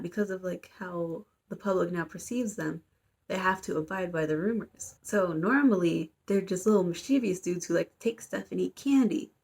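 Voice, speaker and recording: A woman's voice: medium pitch, a little mellow, slightly rough. A young woman, a student, casually recapping a story in a chatty, rambling way full of fillers and playful quotes. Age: young adult. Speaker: student vlogger.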